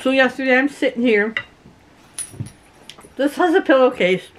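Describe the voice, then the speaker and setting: In a high voice with lively intonation and a moderate pace, a middle-aged woman vlogs casually from rural Canada. She chats to camera, tells stories, and laughs frequently.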